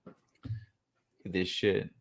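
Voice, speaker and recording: A man hosting a casual livestream, reacting to clips in a laid-back way, laughing often and swearing freely. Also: slow. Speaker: livestream host.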